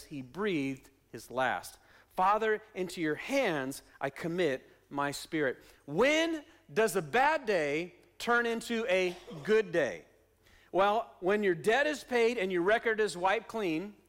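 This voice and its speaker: A male pastor preaching a sermon in a church, using repeated questions and refrains and swinging between soft and loud delivery. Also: high-pitched, lively intonation, slow. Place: church sanctuary.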